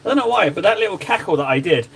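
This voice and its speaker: A man's voice: sits high, expressive, very fast, gravelly, fairly bright tone, slight background noise. A man casually chatting to his stream audience while painting miniatures, joking and mocking himself. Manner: joking, self-mocking, bantering with chat.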